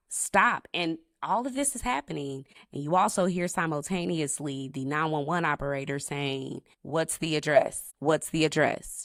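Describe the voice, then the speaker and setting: Low-voiced, indignant woman podcaster. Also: fairly bright tone, no room sound, studio quality. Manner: intense, indignant storytelling. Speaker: podcast co-host. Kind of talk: true crime podcast narration.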